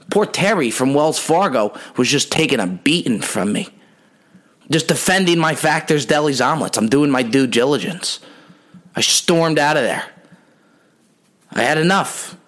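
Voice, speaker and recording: A man's voice: fairly high pitch, expressive, moderate pace, a bit bright. A young adult man hosting a comedy podcast, telling rambling, profane stories in a brash, joking way. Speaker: podcast host.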